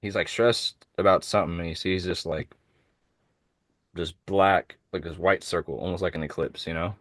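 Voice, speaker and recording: Male podcast co-host, deep and dry, rambling casual chat over a remote call. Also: fairly even intonation, normal speed, a bit bright, dry recording. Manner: rambling, many fillers and restarts. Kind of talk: casual chat about comics. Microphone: remote call over shaky internet.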